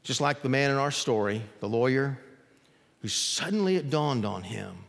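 A pastor with a mid-range voice and vocal fry preaches at a moderate pace. The sanctuary's long reverb surrounds his animated stories, where he acts out each quoted speaker.

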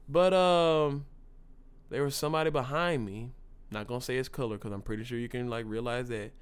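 A man's voice: medium pitch, fairly bright tone. A man hosting a podcast, telling stories in a loose, profane, ranting way. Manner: loose, profane storytelling, mocking voices and rants. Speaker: podcast host. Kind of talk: casual monologue.

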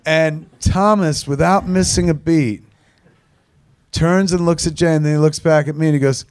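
A man's voice: on the high side, steady tone, moderate pace. A man hosting a casual chat, telling rambling, profanity-laden stories about shooting a film. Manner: heavy swearing, rambling anecdotes. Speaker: filmmaker host.

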